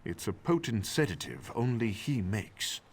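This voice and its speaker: An actor voicing a calm, scheming male ally in a video game, measured and commanding. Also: fairly low pitch, slightly rough, heavily acted.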